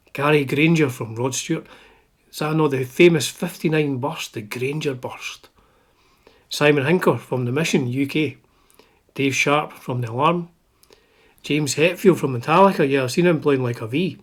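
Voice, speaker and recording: Husky Scottish man, wry chatty asides. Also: fairly high pitch. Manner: wry, chatty, drops to asides under his breath. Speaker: guitar channel host. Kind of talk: casual chat.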